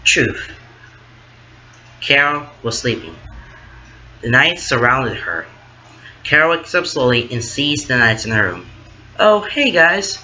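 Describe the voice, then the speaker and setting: A man hosting his own channel, reading his fan fiction story aloud in a casual, slow narration. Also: mid-range voice, expressive, bright, forceful tone, highs cut off.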